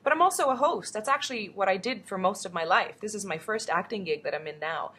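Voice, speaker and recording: Bright chatty young woman on a webcam. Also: medium pitch, lively intonation, fast talker, slight background noise. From Philippines. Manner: chatty and upbeat, rambling asides. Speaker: actress answering fan questions. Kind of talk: casual webcam Q&A. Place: indoors at home.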